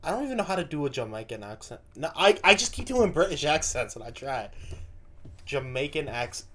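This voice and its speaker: A man's voice: a little high, sing-song, fairly quick, fairly bright tone. Laid-back American guy reacting, swearing. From United States. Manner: loose, swearing, self-deprecating. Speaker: YouTuber reacting to a video. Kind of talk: casual reaction commentary.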